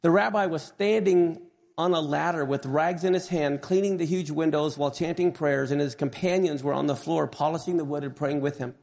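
Man, preacher, sermon storytelling, earnest, gravelly, fairly high voice. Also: a little mellow, in a large hall. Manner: earnest, measured retelling.

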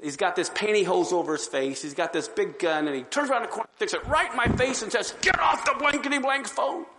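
A man giving his testimony to an audience as an animated storyteller who acts out the scenes. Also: sits high, quick pace, in a large hall, a little hiss or hum. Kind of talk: sermon-style testimony.

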